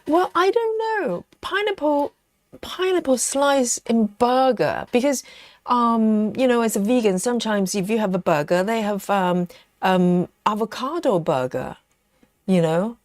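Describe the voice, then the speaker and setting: A woman hosting a relaxed live stream from home, chatting with viewers and reading their comments aloud, with plenty of ums and you-knows. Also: on the high side, unhurried, no echo, clean studio sound. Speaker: livestream host. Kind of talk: casual live chat while stitching.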